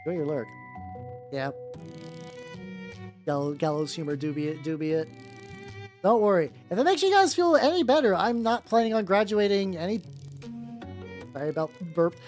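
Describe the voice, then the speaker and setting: A man's voice: high-pitched, animated, moderate pace, pauses often, a little mellow. A man streaming casually while he paints miniatures. He rambles, swears freely and often restarts his sentences. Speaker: VTuber streamer. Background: faint background music.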